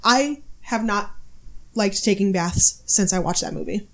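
A woman chatting on a podcast with friends. She jokes easily and blurts out crude asides. Her pitch sits in the middle. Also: unhurried, gravelly. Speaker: podcast co-host. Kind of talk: casual chat.

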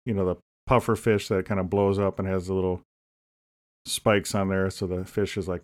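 A man co-hosting a casual comedy podcast, rambling through deadpan jokes and asides. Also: low-pitched, normal speed. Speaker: podcast co-host.

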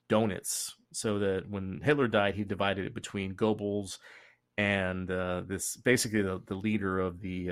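A man with a Texan accent, hosting a podcast and telling history in a casual, profane way, laughing often and doing quick voices. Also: sits low, no echo, clean studio sound. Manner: profane, laughing, animated storytelling. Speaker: podcast host.

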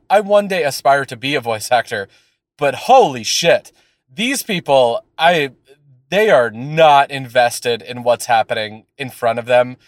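A podcast co-host with a mid-range voice chats casually, with no room sound. He rants in an animated, profane way, rambling with lots of fillers.

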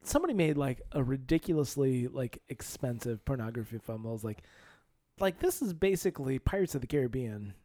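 A podcast co-host chatting casually, telling stories in an animated way and swearing freely. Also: medium pitch, a little fast, no room sound. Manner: animated storyteller, swears casually, laughs often. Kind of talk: casual chat.

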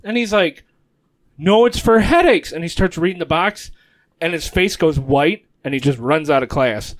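A man in his thirties on a podcast, telling school stories casually, laughing loudly and acting out the voices. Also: fairly high pitch, moderate pace. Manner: animated storyteller who acts out quotes and laughs loudly. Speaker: podcast co-host. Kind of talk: casual chat, storytelling.

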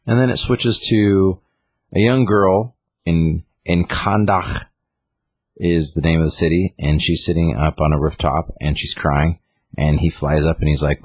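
A man's voice: very deep voice, steady tone, normal speed, slightly rough, no room sound. A man casually retelling a comic book story on a podcast, rambling with lots of fillers. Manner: rambling, lots of fillers, reads out character lines.

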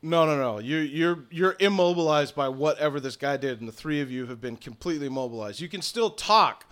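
Game master, male, bright higher voice, loose playful narration. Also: animated, brisk. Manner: playful, laughing, slips into mock Scottish druid voices.

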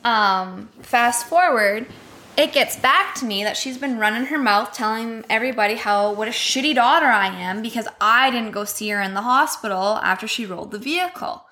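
A woman's voice: a little high, lively intonation, normal speed, pushed and bright. A woman, a podcast guest telling a personal story in a candid, profane way, full of filler words. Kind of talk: casual storytelling.

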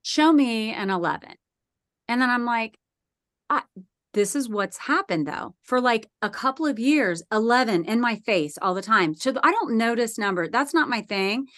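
A woman telling a personal story with lots of life, slipping into the voices of the people in it. Her voice sits a little high, and the recording is close and dry. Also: animated, normal speed, a bit bright, no room sound. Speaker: podcast guest.

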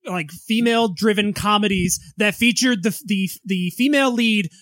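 A man co-hosting a podcast in casual chat, dropping quick, wry asides. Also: high voice, a bit bright, dry recording, studio quality. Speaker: podcast co-host. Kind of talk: casual chat, film review.

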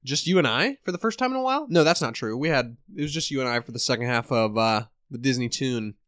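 A man's voice: mid-range voice, lively intonation, fast, a bit bright, dry recording, studio quality. A man co-hosting a podcast, chatty and rambling in casual banter. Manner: chatty, rambling, laughs often. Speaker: podcast co-host.

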